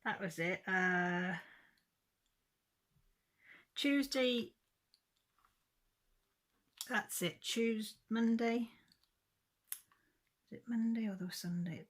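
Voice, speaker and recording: A woman's voice: on the high side, very slow, pauses often. A woman vlogger chatting casually and rambling, often losing her thread. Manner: rambling, loses track of days. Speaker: craft vlogger. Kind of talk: casual chat.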